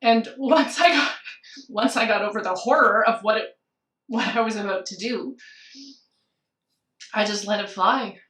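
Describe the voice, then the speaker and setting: A middle-aged woman, a podcast guest, telling a personal story candidly and with emotion, slowing down and laughing softly at times. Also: medium pitch, steady tone, roomy sound, recorded from a distance. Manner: candid and emotional, with soft laughs and slowed phrases.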